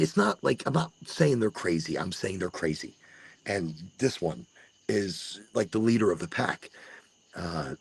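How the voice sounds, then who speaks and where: A man's voice: low voice, creaky, slightly rough. A man hosting a casual late-night podcast monologue outdoors on rural land, rambling and restarting his words as he drifts between jokey asides and earnest encouragement. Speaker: podcast host. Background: crickets and insects.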